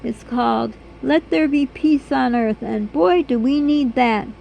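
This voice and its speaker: A hoarse woman vlogging in an earnest, rambling, chatty way. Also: high-pitched, unhurried, darkish tone, slight background noise, rough recording. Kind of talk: casual vlog chat.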